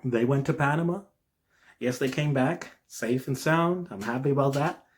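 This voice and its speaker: A man's voice: normal speed, slight background noise. A young man from New Jersey giving an earnest devotional talk, checking in often with "all right?" and letting his voice rise when he stresses a point. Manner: earnest, lively rises in pitch, frequent "all right?" asides. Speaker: Christian video creator.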